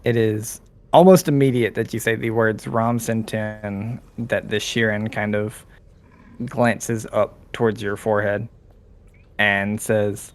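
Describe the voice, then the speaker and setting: A man running a tabletop game as its game master. His narration is slow and halting, and his voice has a gravelly texture. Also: lowish voice, level tone, dry recording.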